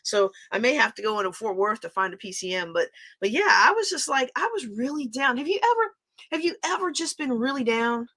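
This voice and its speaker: A middle-aged woman talks candidly to her viewers on a livestream. Her voice sits a little high and sounds bright and forceful. She speaks with open emotion in a casual way. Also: expressive, brisk. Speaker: host.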